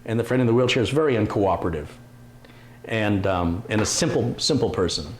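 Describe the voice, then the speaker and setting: A man hosting a casual live stream, reading out viewer comments with quick asides and laughs. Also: fairly low pitch, animated, slight background noise. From Detroit, USA. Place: home computer workshop.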